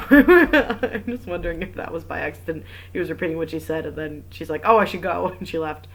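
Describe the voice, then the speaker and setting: A woman's voice: deep voice, a little fast, rough recording. A woman reading a mystery novel aloud, breaking off for wry, chatty asides about the text. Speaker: reader and commentator.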